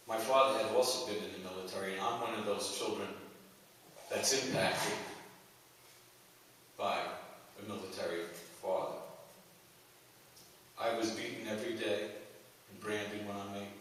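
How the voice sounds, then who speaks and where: A man in his sixties giving an earnest, halting, plain-spoken personal testimony as a guest speaker at a church. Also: fairly low pitch, fairly bright tone. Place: church hall. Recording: echoey hall, far from the mic, faint hiss.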